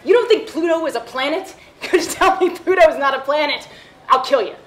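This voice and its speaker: A man's voice: very high voice, a little fast, a bit bright. An actor playing an unhinged male inmate who talks manically and threatens while laughing, in a sketch comedy monologue. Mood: manic threatening.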